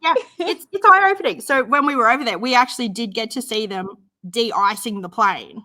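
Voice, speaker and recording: A woman's voice: fairly high pitch, moderate pace. An Australian woman co-hosting a craft chat channel, telling stories in casual chat and acting out quoted dialogue. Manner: animated storyteller, acts out quoted dialogue.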